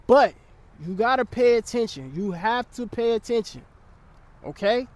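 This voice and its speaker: A man's voice: very high-pitched, animated, unhurried, darkish tone, no room sound. A young man giving blunt, profane dating advice in a casual vlog, often checking in with the listener.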